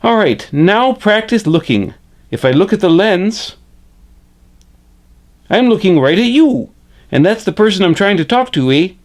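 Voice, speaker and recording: A man's voice: high voice, very animated, pitched above the performer's own voice. A man voicing Frederick, a friendly male hand puppet who teaches puppetry basics on camera in a chipper way, often tagging "eh?". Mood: instructive. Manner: chipper, says "eh?" a lot, slow and deliberate.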